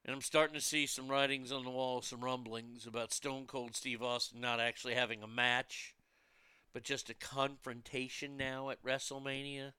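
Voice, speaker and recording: A man's voice: mid-range voice, flat delivery, moderate pace, pushed and bright, clear, resonant tone, no room sound. A man rambling casually about food, movies and wrestling, blunt and profane, with many restarts. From United States.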